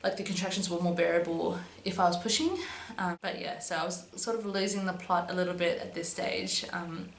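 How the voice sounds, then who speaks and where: A woman's voice: on the low side, brisk, hardly any pauses. Chatty young woman in an echoey room. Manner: chatty, many "um"s and "but yeah"s. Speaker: vlogger. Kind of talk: casual storytelling to camera. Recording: echoey room with faint hum.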